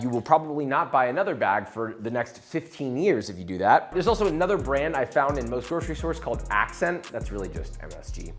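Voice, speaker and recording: A man walks viewers through a recipe as a cooking-video host. His pitch swings widely from phrase to phrase, animated and expressive. He sounds confident and opinionated, with playful asides. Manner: playful, jokey asides while instructing. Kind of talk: recipe tutorial talk.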